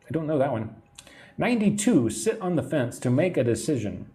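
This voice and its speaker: A man's voice: a little high, very animated, normal speed, warm tone. A man from Texas with an American accent, teaching English idioms on a live stream and answering viewer comments. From Texas, USA. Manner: patient explaining, reads viewer comments aloud, tag "right?" often.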